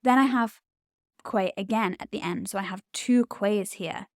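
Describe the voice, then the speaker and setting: A woman's voice: medium pitch, moderate pace, no echo, studio quality. A woman Latin tutor, explaining poetry in an enthusiastic, chatty way with frequent ums.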